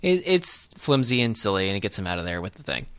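A man's voice: fairly low pitch, very animated, quick pace, a bit bright, clean tone. A man co-hosting a podcast, chatting casually about a movie, rambling and laughing with lots of fillers. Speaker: podcast co-host. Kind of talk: casual movie-riffing chat.

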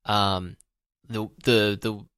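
A man's voice: fairly low pitch, little pitch movement, very slow, a bit bright, clean tone, no room sound, studio quality. A man co-hosting a podcast, talking casually about a film with many fillers and restarts. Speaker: podcast co-host.

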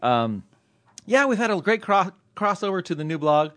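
A man's voice: sits high, very animated, moderate pace, fairly bright tone, no echo. A man hosting a podcast in casual, jokey banter, self-mocking and laughing often. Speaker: podcast host.

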